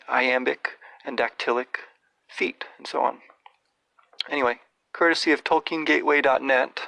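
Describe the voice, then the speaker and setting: A man hosting a podcast, giving thoughtful, digressive literary commentary in a measured way. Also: medium pitch, gravelly, pushed and bright, no room sound, poor audio. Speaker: podcast host.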